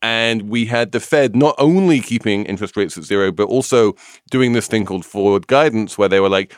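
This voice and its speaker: Deep, smooth-voiced male podcast host. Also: no room sound, clean studio sound. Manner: brisk, explanatory, quick asides. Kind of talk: explanatory podcast talk.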